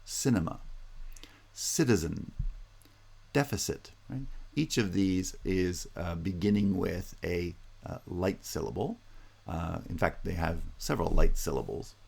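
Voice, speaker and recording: A man lectures on linguistics in a very deep voice with a rough, gravelly edge. He explains step by step, drawing out example words slowly and pausing to check understanding. His delivery is patient and methodical. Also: expressive, a little mellow. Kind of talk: recorded university lecture.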